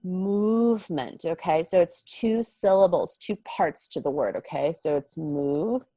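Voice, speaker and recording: A young woman teaching English words to small children in a slow, patient, sing-song way, often checking with "okay?". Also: on the low side, husky, no echo. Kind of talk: online vocabulary lesson for young children. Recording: dull lo-fi sound.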